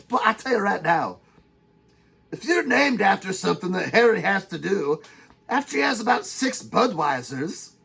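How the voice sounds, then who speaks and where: Excitable ranting man, gravelly voice. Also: sits high. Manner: excitable, ranting, gets worked up. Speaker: podcast co-host. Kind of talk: casual podcast chat.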